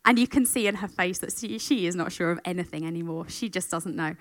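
A woman preaching a sermon, telling a story with emotion and animated delivery. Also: on the low side, quick pace, dry recording.

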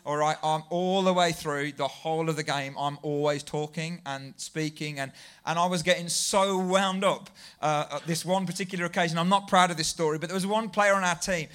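A man preaching a sermon, telling stories in a lively, self-deprecating way and building to near shouts. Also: on the high side, brisk, clear, resonant tone. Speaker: pastor.

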